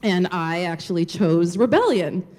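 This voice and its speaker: A woman's voice: lowish voice, lively intonation, measured pace, a little mellow. A woman telling a personal story on stage at a live storytelling show, candid and casual, swearing and saying "like" a lot. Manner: candid, profane, lots of "like".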